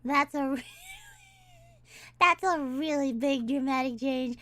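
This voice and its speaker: A woman's voice: high voice, slow pace, sharp tone. A woman streamer in casual live-stream chat, rambling and giggling, often restarting her sentences.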